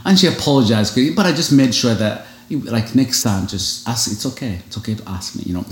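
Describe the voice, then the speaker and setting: A man's voice: fairly low pitch, a little fast. A man, a foster and adoptive father, telling stories in a casual interview and acting out other people's voices. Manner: animated storyteller who acts out quoted voices. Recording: echoey room.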